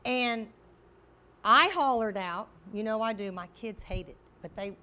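A woman preaching a sermon, telling a personal story with animated storytelling and acting out shouts and quotes. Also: on the high side, a little slow.

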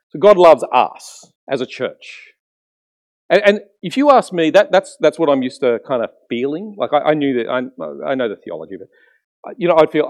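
A pastor delivering a sermon in a lively, wide-ranging voice that rises and falls sharply. He tells stories with many restarts, acts out little voices, and talks straight to his listeners with questions. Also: medium pitch, fairly quick. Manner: animated storytelling with frequent restarts, acting out voices; addresses the congregation directly with questions.

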